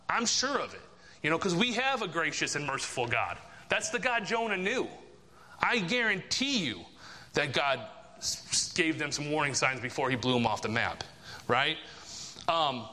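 A man's voice: a little high, big pitch swings, normal speed, long pauses, pushed and bright. A man preaching a sermon, emphatic and repetitive, firing rhetorical questions at his listeners. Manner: emphatic, repeats key phrases, rhetorical questions. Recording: long reverb of a large hall.

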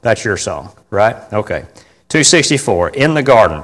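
A man's voice: on the low side, sing-song, moderate pace, a bit bright. A man giving an informal sermon on church music to a congregation, speaking conversationally, repeating key phrases for emphasis and asking the room for responses. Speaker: preacher teaching on church music. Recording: long hall reverb.

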